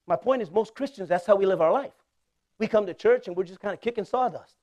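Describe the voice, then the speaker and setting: With a high voice and a fast pace, a man in his forties preaches a humorous story, laughing frequently in a conversational way. He shifts between loud bursts and quiet asides, and there's no echo.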